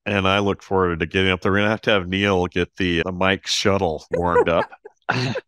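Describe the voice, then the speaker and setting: A man hosting a podcast interview, friendly and halting, with many restarts. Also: low voice, level tone, fairly bright tone, clean tone, no room sound. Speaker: podcast host. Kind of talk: casual interview chat.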